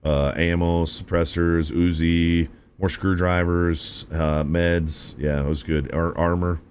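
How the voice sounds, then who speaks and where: A man's voice: sits low, level tone, takes it slowly, darkish tone, slight background noise. A young man streaming a game live, chatting casually and laid-back with his viewers, often calling them "chat" and saying "dude".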